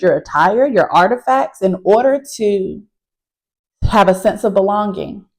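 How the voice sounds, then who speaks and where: A woman's voice: mid-range voice, rough recording. A woman college instructor talking casually to camera from a car, recapping a class and calling her viewers y'all. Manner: addresses viewers as y'all, emphatic and animated. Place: in a parked car.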